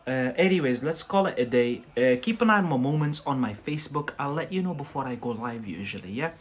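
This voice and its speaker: A chatty English teacher with a Scottish-influenced accent hosts a casual live-stream lesson, speaking at a medium pitch in an animated, brisk way. He's reassuring and says "yeah?" often, and there's a little hiss or hum in the audio.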